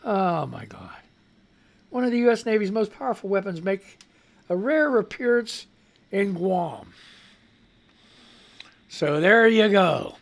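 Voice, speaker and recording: Male radio host with a gravelly, slightly rough voice; reads news copy, then rants sarcastically with profanity. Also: high-pitched, sing-song, takes it slowly, pauses often. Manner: sarcastic, profane ranting while reading news. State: voice not quite right. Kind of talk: live radio news commentary.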